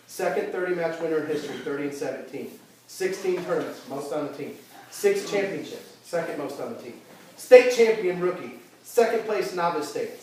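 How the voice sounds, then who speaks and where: A man, a youth wrestling coach, retelling a season's matches to his team in an animated way, full of fillers and restarts. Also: a little high. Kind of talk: end-of-season speech to a team. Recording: roomy hall, voice from far off, crowd noise.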